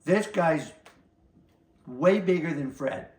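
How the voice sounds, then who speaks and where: Give me an older martial arts master telling stories in an interview, rambling a bit, recorded in a roomy space. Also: male voice, on the high side, lively intonation, slow. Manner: rambling, acts out other people's lines. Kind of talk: casual anecdotal storytelling. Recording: roomy echo.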